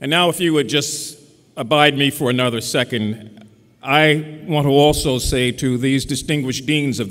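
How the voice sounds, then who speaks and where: A man's voice: mid-range voice, fairly bright tone. A man giving a keynote commencement address in a formal, oratorical style with a rhetorical cadence. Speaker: keynote speaker. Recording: reverberant ceremony venue.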